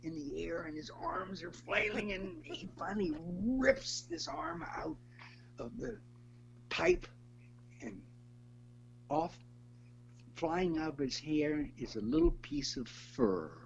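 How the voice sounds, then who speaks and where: An older man, a guest in a conversational interview, telling stories in an animated way and laughing as he goes. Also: fairly high pitch, slow, gravelly, long pauses, slight background noise. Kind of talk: conversational storytelling.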